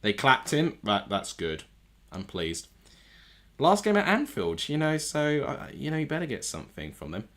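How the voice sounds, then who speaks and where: A man's voice: mid-range voice, sing-song, normal speed, pushed and bright. A man streaming a live football watchalong from home, reacting to the match and often correcting himself aloud as he goes. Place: home room with TV.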